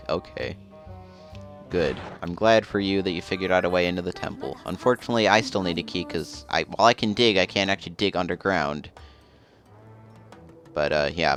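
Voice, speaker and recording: A man's voice: deep voice, moderate pace, pauses often, faint music behind. A man casually commenting as he plays a video game, rambling and chatty. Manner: rambling, chatty, often laughing. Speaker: let's play host.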